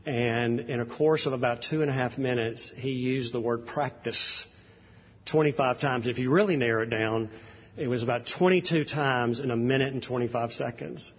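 A man's voice: mid-range voice, moderate pace, husky. A man preaching a sermon in a conversational, anecdotal way, with frequent fillers and restarts. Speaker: pastor. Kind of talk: sermon introduction. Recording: dull audio in a reverberant hall.

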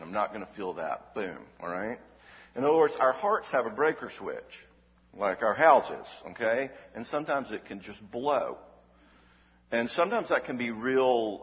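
Guy preaching about feelings, lively, keeps asking "all right?", long echo, kinda muffled sound. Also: mid-range voice. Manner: rhetorical questions, frequent "all right?" check-ins; animated, emphatic delivery. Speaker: Christian speaker on emotional health. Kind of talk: teaching talk to an audience. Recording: dull recording with long hall reverb.

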